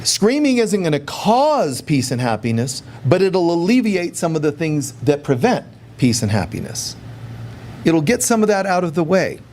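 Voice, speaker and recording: A male spiritual teacher speaking in a high, lively voice that swoops up and down. He keeps things casual and conversational, now and then slipping into acted-out prayers as he teaches. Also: normal speed, slight background noise. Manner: animated, acts out quoted prayers.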